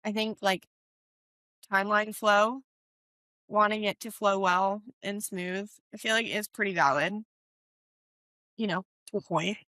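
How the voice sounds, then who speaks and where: Bright chatty woman podcast host. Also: medium pitch, steady tone, a little slow, long pauses, dry recording. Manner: chatty, many fillers like "um" and "like". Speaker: podcast host, wedding planner. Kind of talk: casual podcast chat.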